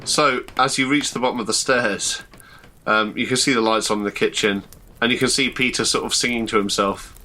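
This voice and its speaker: A man narrating as game master of a tabletop horror game, descriptive and halting with fillers. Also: medium pitch, fairly even intonation, pushed and bright.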